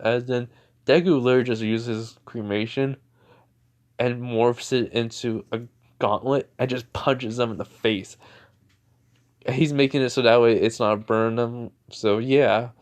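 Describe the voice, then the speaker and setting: A man's voice: mid-range voice, darkish tone. Rambling young man telling a fan story. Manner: rambling, full of "basically" and "like". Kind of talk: improvised story narration.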